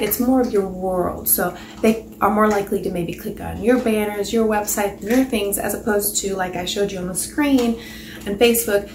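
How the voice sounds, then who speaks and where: A woman's voice: mid-range voice, a little hiss or hum. A woman coaching business owners on blogging in a chatty, rambling, upbeat casual tutorial. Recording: roomy echo, faint ambience.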